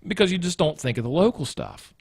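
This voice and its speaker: Male podcast host, animated rising-falling delivery, dry close sound, small studio room. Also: on the high side, fast, vocal fry, slightly rough, no room sound. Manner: lively, animated, rambling with restarts. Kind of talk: casual chat.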